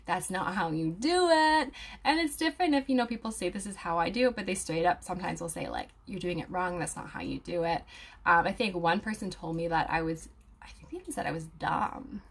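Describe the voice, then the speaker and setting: Speaking in a lowish, slightly bright voice, a young woman studying aromatherapy runs a live stream. She chats loosely with her audience and reads their comments aloud, peppering it all with fillers and laughs.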